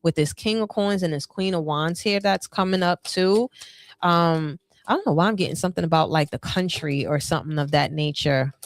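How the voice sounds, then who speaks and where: A woman doing a casual tarot reading for her viewers, chatty and full of fillers, with sudden bursts of excitement. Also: on the low side, moderate pace, no room sound. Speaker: tarot reader.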